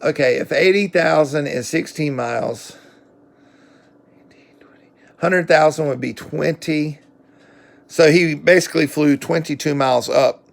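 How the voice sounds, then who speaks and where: Folksy Southern man with a gravelly voice. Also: a little high. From southern United States. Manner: rambling, folksy, with many fillers and self-corrections. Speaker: book reviewer. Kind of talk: casual book review vlog.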